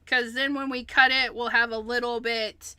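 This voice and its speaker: A woman's voice: fairly high pitch, level tone, moderate pace, bright, forceful tone, smooth. A woman hosting a craft livestream, chatting casually as she explains each step she works on.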